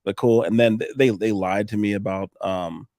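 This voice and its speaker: A man's voice: lowish voice, steady tone, moderate pace, a little mellow, dry recording, studio quality. A man, a roofing contractor telling sales stories in a casual interview, acting out both sides of conversations and swearing freely.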